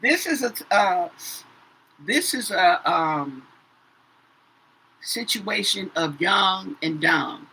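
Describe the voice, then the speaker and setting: A woman's voice: mid-range voice, lively intonation, extremely slow, creaky, pauses often, pushed and bright, slightly rough, rough recording. Chatty woman reading tarot cards. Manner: says "okay?" after nearly every phrase, repeats herself. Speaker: tarot reader. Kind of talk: casual tarot reading to viewers.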